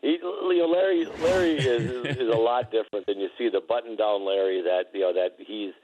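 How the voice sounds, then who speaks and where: A man's voice: mid-range voice, a little fast, darkish tone. A man, a former basketball player, telling rambling, laughing anecdotes with many restarts. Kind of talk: casual storytelling. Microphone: phone. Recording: tinny phone line.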